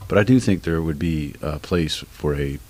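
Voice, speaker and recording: A male pastor steers a casual church podcast in an easygoing, joking way. His voice is very low. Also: normal speed, darkish tone. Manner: easygoing, joking, leads the conversation.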